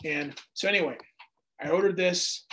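Brief: male pastor in his thirties, high-pitched voice, lively storytelling sermon delivery. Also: moderate pace, slight background noise. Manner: animated storyteller, acts out dialogue in raised voice. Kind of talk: sermon with personal stories.

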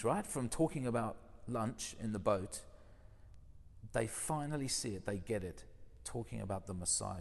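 Low gravelly preacher in a hall. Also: male voice, moderate pace. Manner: conversational, rhetorical questions, builds with emphasis. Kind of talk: sermon.

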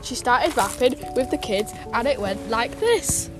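A woman's voice: fairly high pitch, lively intonation, unhurried, music in the background. A woman voicing a gossiping, crude old grandmother, telling rambling comic stories full of swearing. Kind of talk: comic storytelling monologue.

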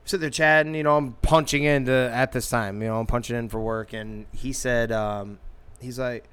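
A man in casual chat spins a long, crude anecdote, rambling and restarting as he goes. He laughs often and slips into quick impressions of the people he describes. His voice sits at an ordinary middle pitch. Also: steady tone, a bit bright, clear, resonant tone. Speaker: storyteller in group chat.

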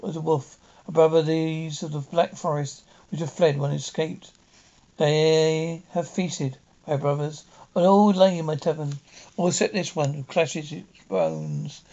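A man's voice: creaky, darkish tone, dull audio. A man voicing an insane, murderous male innkeeper who roars and gloats. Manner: roaring, booming mad laughter.

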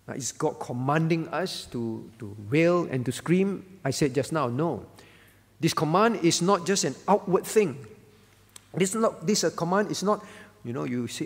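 A man's voice: on the high side, expressive, normal speed, breathy edge. A man preaching at a prayer meeting as the pastor, earnest, repeating his phrases and quoting scripture. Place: church hall. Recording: church hall with long reverb.

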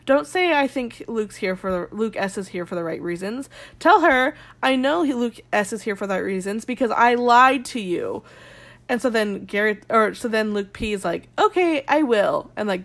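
A young woman hosting a podcast, recapping a show in a gossipy, dramatic way, swearing often and acting out quotes. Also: a little high. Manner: gossipy, dramatic, swears a lot, quotes people in animated voices. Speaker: podcast host. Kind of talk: casual recap chat.

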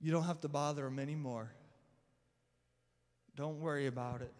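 Man, preacher, high voice, dramatic storytelling sermon, long church reverb. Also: steady tone, moderate pace, a little mellow. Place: church sanctuary.

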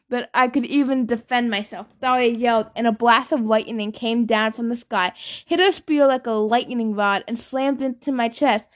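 A woman reading a fantasy novel aloud, narrating in first person and voicing the characters' shouted lines. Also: moderate pace. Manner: acts out dialogue with louder, higher shouts. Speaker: audiobook reader.

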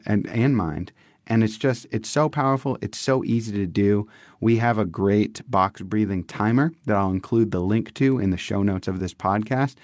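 A young man co-hosts a casual wellness podcast, his voice sitting a little low. He speaks with eager enthusiasm, often stopping and restarting mid-sentence. The recording is dry and close, with no room sound. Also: a little mellow, no echo. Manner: enthusiastic, frequent restarts and fillers. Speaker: podcast co-host.

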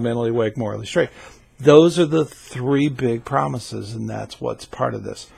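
Brief: man, scouting leader teaching on camera, gravelly and husky voice, chatty, keeps asking "okay?". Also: medium pitch, no room sound. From United States. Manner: conversational, keeps checking in with "okay?". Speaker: scouting leader and channel host. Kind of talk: instructional video talk.

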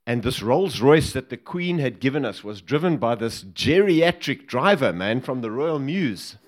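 A man from Africa, once a bodyguard, tells a humorous story to a live audience and laughs along with it. His voice sits at medium pitch and moves a little slowly. The delivery is lively and funny.

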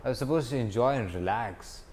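A young man outdoors away from home, his stomach hurting, rambles frustratedly through a casual vlog, pausing to groan. His medium-pitched, darkish voice moves a little fast, recorded on a phone app with slight background noise.

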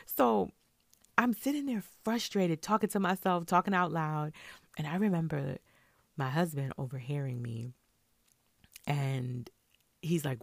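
A woman's voice: on the low side, normal speed, gravelly, no echo, studio quality. A woman vlogger telling a story in a casual way, acting out the lines of the people in it. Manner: animated, acts out her own and others' lines.

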